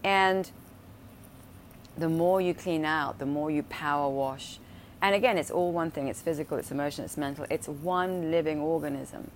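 A woman's voice: sits low, moderate pace, a little hiss or hum. A woman in casual spiritual talk, blunt and profane, often checking in with "right?" and "you know". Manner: blunt and profane, acts out quoted voices.

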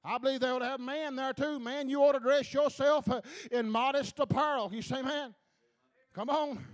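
Guy preaching a sermon, really high voice, keeps laughing and going "can you say man", lots of uhs. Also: steady tone. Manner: fervent, repeats calls to the congregation, laughs between lines; halting, many filler sounds.

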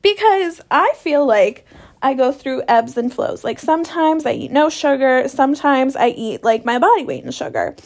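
A woman's voice: high voice, very animated, moderate pace, darkish tone. A young woman telling stories in a casual monologue, swearing freely and sarcastic in a ranting way. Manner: profane, sarcastic, rant-like.

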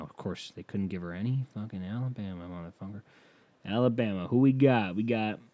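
A man with a mellow, middle-pitched voice riffing sarcastically on a comedy podcast, swearing freely as he reads aloud. The sound is dry and close, with no room around it. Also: no room sound. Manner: irreverent, sarcastic, profane. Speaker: podcast host.

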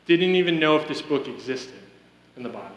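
Earnest high-voiced man preaching in echoey hall. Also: lively intonation, fairly quick, fairly bright tone, lo-fi sound. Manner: earnest storytelling, addresses congregation directly. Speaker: preacher giving testimony. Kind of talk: sermon. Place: church.

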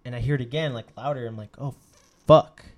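A young man casually telling a story, swearing a lot and acting out the quotes of others with sudden jumps in his voice. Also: very fast. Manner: animated, profane, acts out quotes with sudden pitch jumps.

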